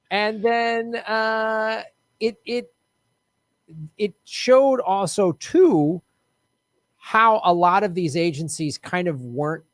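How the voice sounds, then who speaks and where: A man hosts a podcast in a loose, jokey, profane way, chatting about politics and reading news items aloud. His voice sits slightly high for a man. The sound is dry. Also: dry recording. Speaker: podcast host. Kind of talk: casual political chat.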